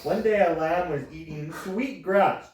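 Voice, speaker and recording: A young man co-hosting a podcast, joking around and reading haltingly with lots of ums. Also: fairly high pitch. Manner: joking, hesitant reader with ums. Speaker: podcast co-host. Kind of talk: casual podcast chat. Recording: echoey room, mic far off.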